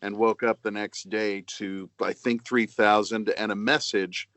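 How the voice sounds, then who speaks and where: Middle-aged guy, low voice, earnest, lots of ums, dry close sound. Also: level tone, fairly bright tone, no room sound. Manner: measured and earnest, many fillers and restarts. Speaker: guest voice actor. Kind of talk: casual interview.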